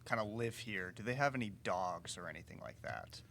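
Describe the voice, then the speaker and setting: A man's voice: lowish voice, sing-song, fairly quick, gravelly, a bit bright, slight background noise. A man playing in a tabletop game, asking hesitant questions. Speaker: player.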